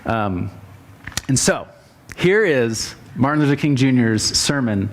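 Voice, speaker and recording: A man's voice: medium pitch, animated, slow pace. A man, a pastor, speaking casually to his congregation before reading a sermon aloud with rising emphasis. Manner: conversational, with fillers, then reads a sermon in a rising, emphatic tone. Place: church sanctuary.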